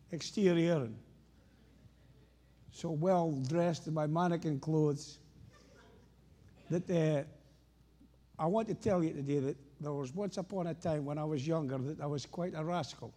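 A man's voice: fairly high pitch, a little slow, long pauses, warm tone. A Scottish man preaching a sermon, telling anecdotes and stories with rising emphasis.

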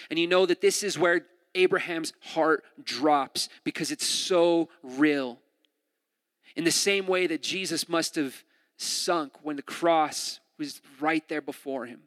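A man preaching a sermon in a lively, conversational way, retelling a scripture story with asides and jokes. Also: on the high side, a little slow. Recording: long hall reverb.

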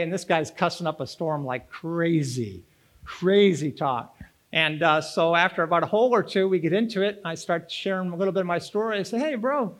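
A man, preaching a folksy, energetic sermon and urging the congregation to answer back. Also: a little high. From Boston area, Massachusetts. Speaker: pastor. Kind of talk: sermon with personal story.

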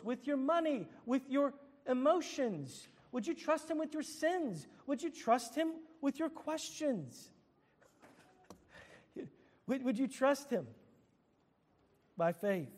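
A man's voice: very high voice, long reverb tail. A man preaching a sermon as pastor, earnest, often repeating and restarting his phrases.

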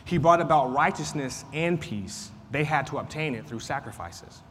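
A man's voice: a little high, animated, moderate pace, a bit bright. Man, Sunday school teacher, chatty Bible lesson, lingering reverb and faint hiss. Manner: conversational, repeats points, frequent fillers. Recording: faint noise, long room reverb.

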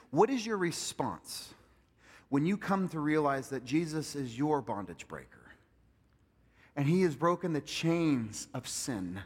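A man preaching a sermon as pastor, swinging between loud emphatic peaks and soft low asides. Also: breathy edge. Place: church sanctuary. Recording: long hall reverb.

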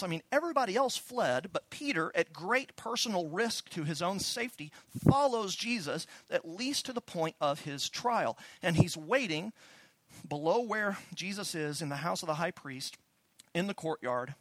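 A man's voice: high-pitched, fairly bright tone, no room sound. A man preaching a sermon, telling the story with animation and acting out the voices he quotes. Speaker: pastor.

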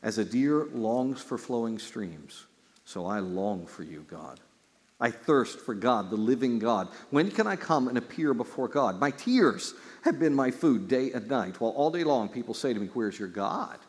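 A pastor preaching a sermon, reading scripture and explaining it with lively restarts. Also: male voice, mid-range voice, normal speed. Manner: animated preaching with repeated restarts. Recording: hall reverb.

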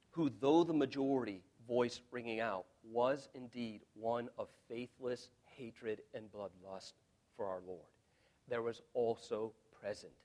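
A man's voice: medium pitch, darkish tone. A man preaching an expository sermon in an earnest, emphatic way, often repeating words as he restarts. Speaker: pastor.

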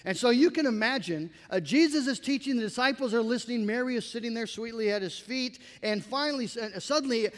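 High-voiced man preaching in a reverberant hall. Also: fairly quick. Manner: conversational and animated, with asides and laughs. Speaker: pastor. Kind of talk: sermon.

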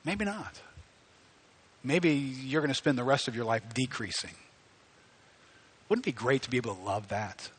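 A man preaching a sermon, animated and conversational, rising to near-shouts at high points. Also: normal speed, pauses often, breathy edge. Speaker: pastor.

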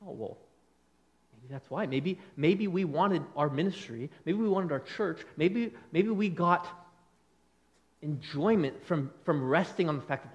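A male pastor preaching a conversational sermon, acting out quick bits of dialogue as he goes. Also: on the high side, highs cut off. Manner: animated, conversational preaching with quick acted-out quotes.

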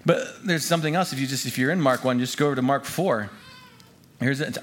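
A male pastor preaches a sermon before his congregation at a church gathering. His mid-range voice moves briskly, delivered with emphasis, repeating key phrases and shifting between hushed and loud lines. A slight hiss or hum sits in the recording.

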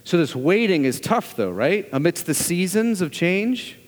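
A male pastor delivers a sermon in a voice that sits a little high for a man, earnest and built on rhetorical questions. He swings between loud, urging runs and hushed, low passages. The sound hangs in the long reverb of a large church hall. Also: very animated, unhurried, few pauses.

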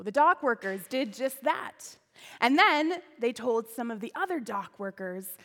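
A woman pastor telling a story in a sermon, expressive, with volume that rises and falls, recorded in a church sanctuary with long reverb. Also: a little high, a little slow.

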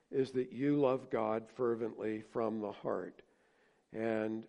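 A male pastor delivers a sermon with earnest conviction, his mid-pitched voice carrying a gravelly edge. He swells into emphatic points, then drops to softer, confiding tones. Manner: earnest preaching, rising emphatic and dropping soft.

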